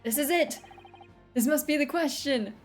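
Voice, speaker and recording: A woman's voice: sits high, normal speed, soft background music, voice pushed up, close to an everyday voice. A woman reading the lines of a nervous young man on trial in a courtroom game, hesitant and anxious. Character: nervous young male defendant.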